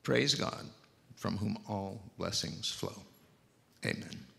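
An older pastor with a deeply gravelly voice, preaching in slow, heartfelt phrases. His voice rings out through a long, reverberant church hall. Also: sharp tone, a little hiss or hum. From Mississippi, US. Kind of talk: sermon.

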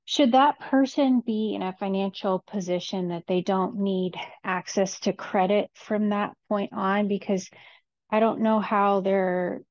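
A woman calls in with a question, thinking aloud with hesitant fillers. Her voice sits at an ordinary pitch, and the audio sounds a little dull and muffled. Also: steady tone, a little slow, darkish tone. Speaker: caller asking a question. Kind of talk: casual question and discussion.

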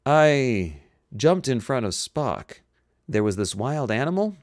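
A man's voice: medium pitch, very animated, slow, no echo, clean studio sound, pitched above the performer's own voice. A man doing a terse starship captain. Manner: terse, commanding. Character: hurt, bewildered male starship captain.

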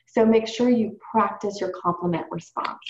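A woman of medium pitch and normal pace coaches a sales team on a training call, a little hiss or hum underneath. She's upbeat and conversational, talking directly to the group, and the conference audio comes across roomy and dull.

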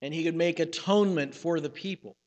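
A man preaching a sermon as pastor, measured, slowing down for emphatic phrases, with some restarts and fillers. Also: fairly high pitch, darkish tone, muffled recording. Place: church sanctuary. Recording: church hall with long reverb.

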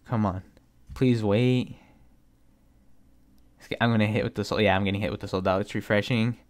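A young man giving casual live commentary to his viewers, excitable and full of slang and swearing. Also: fairly low pitch, normal speed. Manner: excitable, swears a lot, keeps saying "bro". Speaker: streetwear vlogger.

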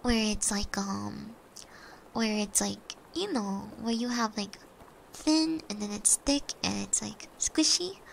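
A young woman streamer telling casual rambling stories during an ASMR stream, swearing freely and slipping into soft whispers. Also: mid-range voice, slow pace, vocal fry, slight background noise. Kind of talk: chatty ASMR stream storytelling.

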